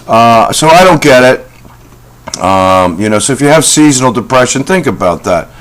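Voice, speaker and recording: A man's voice: medium pitch, expressive, normal speed, a bit bright. A middle-aged man talking casually to the camera in a rambling, folksy way, with many fillers and asides. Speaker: self-help video host.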